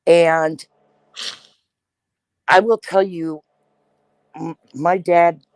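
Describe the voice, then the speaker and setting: Brief: woman podcast host, casual storyteller, from Iowa, dry close sound, lively delivery. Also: low-pitched, extremely slow, pauses often, dry recording, low-quality recording. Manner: animated storyteller, acts out quoted voices.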